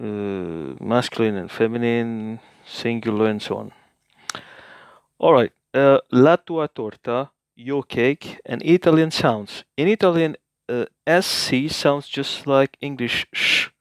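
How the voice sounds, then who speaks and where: Slow, hesitant man giving a lesson. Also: mid-range voice, a bit bright, smooth, dry recording, studio quality. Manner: hesitant and thinking aloud, with many filler sounds; repeats words slowly for the listener. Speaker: language-learning video host. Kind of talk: casual spoken language lesson.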